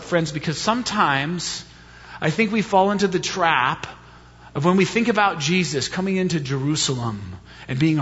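High-voiced preacher in a reverberant hall. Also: male voice, a bit bright. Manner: conversational, with rhetorical questions and emphatic repeats. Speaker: pastor. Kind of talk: sermon. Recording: reverberant hall, dull lo-fi sound.

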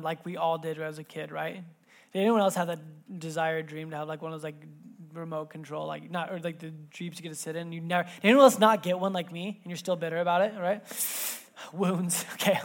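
A man in his thirties, a pastor giving a sermon in church, telling a family story in a conversational way that swings between soft asides and loud bursts. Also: on the high side.

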